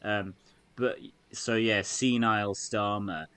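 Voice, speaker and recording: A man with a somewhat low voice hosts a casual podcast chat. He mocks in a sardonic, sweary way and stops and restarts with plenty of fillers. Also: steady tone, slow pace, sharp tone, clear, resonant tone. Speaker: podcast host.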